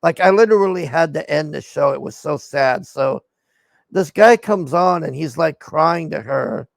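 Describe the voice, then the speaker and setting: Gravelly, rambling male streamer. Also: fairly high pitch, measured pace, no echo. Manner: rambling and laid-back, swears, many fillers. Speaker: streamer and show host. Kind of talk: casual chat to viewers.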